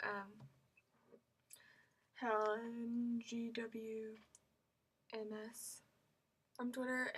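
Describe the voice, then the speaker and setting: Young woman, teens, excited vlog storytelling, rambling, gushing, high-ish voice. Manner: gushing, rambling, many "like"s, squeals when quoting herself. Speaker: vlogger.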